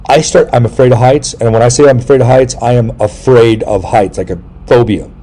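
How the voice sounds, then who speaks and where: A middle-aged man hosting a casual interview chat, telling rambling, jokey stories and breaking into sudden loud yelps. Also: mid-range voice, fairly quick. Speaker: podcast host.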